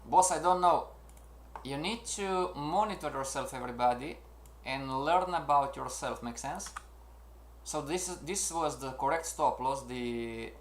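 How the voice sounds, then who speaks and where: A man teaching a live online trading lesson, animated and checking in often with his class, acting out traders' worries in their own voices. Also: mid-range voice. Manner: animated, repeats "make sense, everybody?", acts out traders' inner voices. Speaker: trading instructor. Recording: roomy echo.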